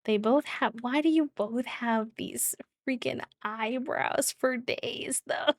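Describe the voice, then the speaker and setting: Woman streamer, slow easygoing chat, giggly, dry close mic. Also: on the high side, no room sound. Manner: chatty, giggly, talks to chat. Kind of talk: casual live-stream chat while gaming.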